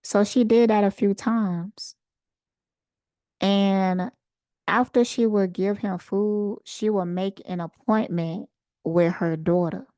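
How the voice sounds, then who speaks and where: Slow-talking woman telling a story. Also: medium pitch, smooth, no room sound, clean studio sound. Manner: unhurried, conversational, animated retelling. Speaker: channel host. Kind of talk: casual personal storytelling.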